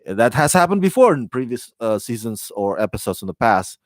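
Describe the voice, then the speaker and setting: A man's voice: medium pitch, sing-song, fairly quick, no room sound. A man hosting a casual spoken TV review, talking in a rambling, chatty way with fillers and self-corrections. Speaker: TV review host.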